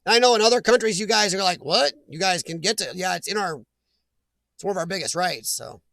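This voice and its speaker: A blunt, opinionated man hosts a casual livestream and reads out viewer comments. His voice sits high with a gravelly edge. The sound is dry and close to the mic. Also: quick pace, fairly bright tone, no echo. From Midwestern US. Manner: blunt, opinionated, laughs easily. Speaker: livestream host. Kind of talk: casual live chat reading comments.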